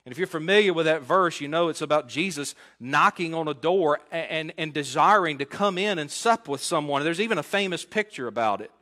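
A man's voice: a little high, lively intonation, fairly quick, few pauses, pushed and bright. A male pastor preaching an expository sermon in a conversational way, often putting questions to his congregation. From United States.

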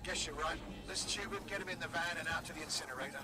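An actor voicing a nervous young gang thug in a video game, talking in a hurried, anxious way. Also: male voice, a little high, sharp tone.

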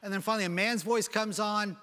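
A man with a high, bright, forceful voice gives a keynote talk from a stage. He tells a personal story with animated energy and briefly plays each person in it. His voice rings with the long reverb of a big conference hall. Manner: animated, acts out dialogue with quick voice changes. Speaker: keynote speaker. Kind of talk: dramatic personal storytelling speech.

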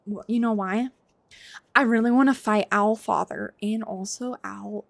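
A woman's voice: medium pitch, steady tone, a little slow, gravelly. A woman streaming a game, chatting playfully to her viewers and yelping as she plays. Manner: playful, chatty, yelps and laughs while fighting. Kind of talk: casual gameplay commentary.

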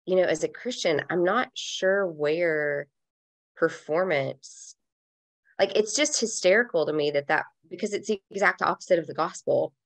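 Podcast guest: woman, thirties, low gravelly voice, earnest and reflective, close dry mic. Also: moderate pace, dry recording. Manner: earnest, reflective, with casual fillers like "like". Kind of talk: heartfelt conversational interview.

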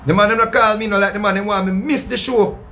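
High-voiced man with a Jamaican accent. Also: fast, slight background noise. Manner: animated, acting out what others said. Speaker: storyteller recounting a past show. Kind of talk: casual storytelling in patois.

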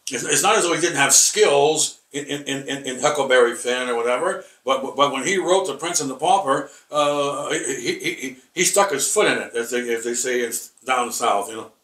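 A man teaching a rambling Bible lesson, halting and repeating words with many fillers, emphatic and combative. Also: mid-range voice, fairly bright tone. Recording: echoey room, voice from far off.

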